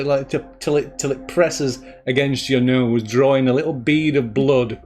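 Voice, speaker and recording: A man's voice: medium pitch, a little slow, darkish tone, faint music behind. A man narrating as game master in a tabletop role-playing session, stopping and restarting often as he searches for words.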